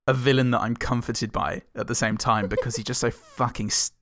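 A man's voice: medium pitch, fairly even intonation, brisk, creaky, fairly bright tone, no room sound. Male co-host, sweary and jokey, dry close sound. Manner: sweary, joking, trails off. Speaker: podcast co-host. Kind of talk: casual chat.

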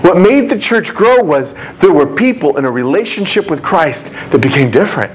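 Animated man preaching a lively sermon. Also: a little high, moderate pace, poor audio. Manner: animated, conversational preaching with casual asides. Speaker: pastor.

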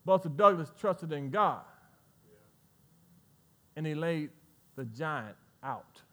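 A man preaching a sermon as pastor, swinging between quiet asides and loud, rising exhortations. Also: fairly high pitch, expressive, takes it slowly. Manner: preaching with swells of volume and playful asides to the congregation.

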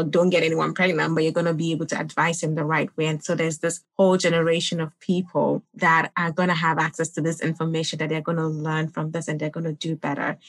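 Low-voiced encouraging woman host. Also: a bit bright, no echo. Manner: affirming, sermon-like encouragement. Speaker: podcast host. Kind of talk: faith-based conversation. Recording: dry close podcast audio.

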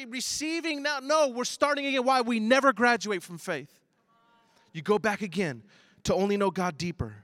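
A man in his thirties preaching a sermon, moving between loud emphatic lines and quiet low asides. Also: dry recording, clean studio sound. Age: 30s. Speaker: pastor.

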